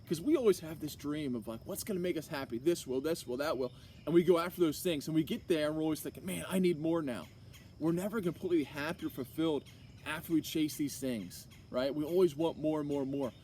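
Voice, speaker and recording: A man's voice: on the high side, fast talker, a little mellow. A young man giving an earnest, casual personal testimony to a class, full of filler likes and restarts. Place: classroom or hall. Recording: distant mic with faint room noise.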